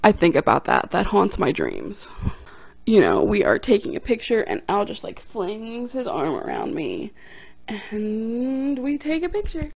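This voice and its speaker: A young woman, a stand-up comic, telling a casual storytime on her vlog with animated, self-deprecating delivery and quoted voices. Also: mid-range voice, unhurried, vocal fry.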